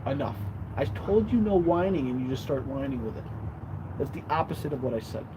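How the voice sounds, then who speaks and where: A young man streaming casually and swearing freely, often going high and sing-song while scolding his dog. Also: animated, brisk. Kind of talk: casual livestream chat. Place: outdoors by a street, later indoors. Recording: outdoor mic with loud traffic noise.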